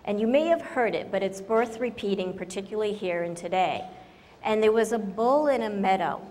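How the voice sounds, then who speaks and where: A woman's voice: mid-range voice, lively intonation, fairly quick, darkish tone, big-room sound. A woman giving a humorous conference talk, wry and direct, telling stories to an audience. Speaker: conference speaker.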